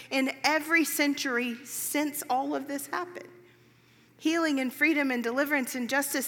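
A woman's voice: sits high, sharp tone, long reverb tail. A woman preaching a sermon in a chatty storytelling way, with many fillers.

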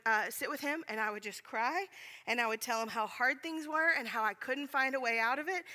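Woman pastor, sermon; high and bright, candid, chatty, self-deprecating, speaks directly to the congregation. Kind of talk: conversational sermon storytelling.

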